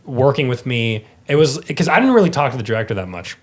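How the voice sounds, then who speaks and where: A man, a guest actor, telling a story in casual chat, animated and swearing often. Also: medium pitch, fast. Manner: animated, swears often, acts out quoted dialogue.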